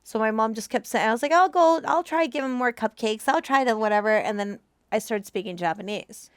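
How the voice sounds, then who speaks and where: A woman co-hosting a movie reaction, telling a personal story in casual chat, animated and emotional, acting out the voices of people she quotes. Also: on the high side, brisk, smooth, dry recording, studio quality.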